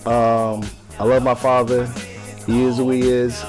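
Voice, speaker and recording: Guy co-hosting a cigar podcast, lively chatty storytelling, loud music in the background. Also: mid-range voice, measured pace. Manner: animated storytelling. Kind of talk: casual chat.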